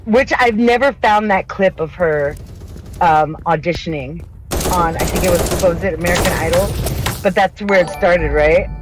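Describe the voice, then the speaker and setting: A woman's voice: fairly low pitch, moderate pace, very noisy. A woman co-hosting a live-streamed chat show, talking emphatically and bluntly, swearing freely and laughing often. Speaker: podcast co-host.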